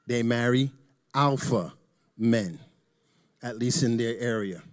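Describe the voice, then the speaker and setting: A middle-aged man speaks frankly to a church audience, joking one moment and dropping to a quiet aside the next. His voice sits at an ordinary middle pitch, and he pushes it loud for emphasis. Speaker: church presenter. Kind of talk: candid talk to a church audience.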